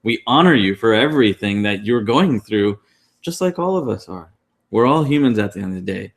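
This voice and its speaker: A man with a lowish, expressive voice co-hosts an online class at a brisk clip. He teaches in a casual way, restarting sentences and using lots of fillers, heard via the class call.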